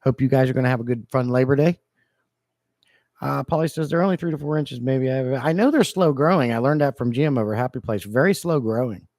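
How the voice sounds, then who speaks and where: A man hosting a relaxed livestream from his home fish room, rambling and joking as he greets his chat. His voice sits at an ordinary middle pitch, close to the desk mic with a dry, dead sound and no room around it. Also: a little fast, no room sound. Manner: playful, rambling, jokey with chat. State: a bit low-energy. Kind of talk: casual livestream chat reading comments.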